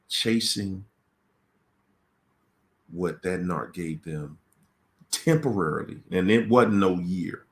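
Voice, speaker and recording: A man hosts a live talk stream with a very lively, swooping delivery. His voice sits at an ordinary pitch, but it climbs high and drops low as he acts out dialogue. He speaks casually and repeats key phrases for dramatic emphasis. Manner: casual and conversational. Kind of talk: livestream talk on relationships.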